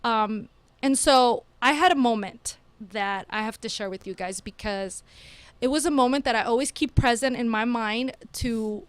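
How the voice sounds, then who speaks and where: A woman's voice: a little high, normal speed, clean tone, no echo. A woman on a podcast in a studio, telling a parenting story in casual chat with lots of fillers. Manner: animated storytelling, many fillers. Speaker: mother and podcast guest.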